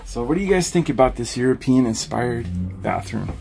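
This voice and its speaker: A man's voice: medium pitch, very animated, moderate pace, gravelly, noisy background. A man, an RV salesman, casually narrating a walkthrough of a camper van, upbeat as he lists each feature he points out. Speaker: RV salesman giving a walkthrough tour.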